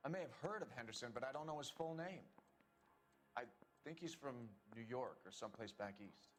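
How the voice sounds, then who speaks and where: A man's voice: mid-range voice, expressive, a little fast, lightly acted. An actor playing a guarded, polite clothing businessman being questioned by detectives, answering evasively. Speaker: interview suspect. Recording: game audio with music underneath.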